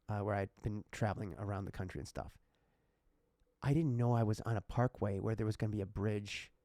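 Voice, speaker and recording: A man's voice: on the low side, gravelly, dark tone, no echo. A man co-hosting a podcast who tells a personal story in an earnest, rambling way, with many restarts and asides. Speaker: podcast co-host.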